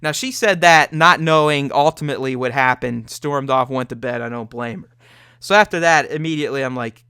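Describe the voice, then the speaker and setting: A man's voice: mid-range voice, a little fast, bright, forceful tone, clear, resonant tone, no room sound, studio quality. A young man hosting a podcast, telling a candid, profane story about himself and acting out his own reactions. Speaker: podcast host. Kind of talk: solo confessional podcast monologue.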